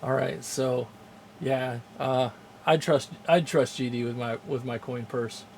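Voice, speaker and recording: A man's voice: medium pitch, steady tone, a little slow, darkish tone, a little hiss or hum. A man casually chatting on a live stream, rambling with many fillers, chuckling often and greeting viewers in chat. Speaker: streamer hosting a game channel.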